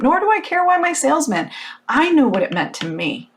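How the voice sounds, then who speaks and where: A woman in her thirties hosting a podcast, telling a personal story in a casual motivational monologue, animated and frank, with plenty of fillers and the odd swear word. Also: on the high side, fairly quick, slight background noise. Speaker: podcast host.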